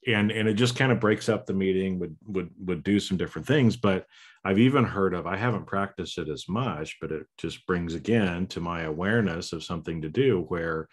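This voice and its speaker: A man with a very low voice hosts a relaxed podcast conversation. He talks in an animated, easygoing way and slips into playful, silly voices to make a point. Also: moderate pace. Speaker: podcast host. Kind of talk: casual conversation.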